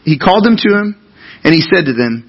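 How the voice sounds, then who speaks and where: A man's voice: fairly high pitch, very animated, fairly quick, husky, highs cut off. A man preaching a sermon as pastor, talking to the congregation in an earnest, conversational way and asking them questions.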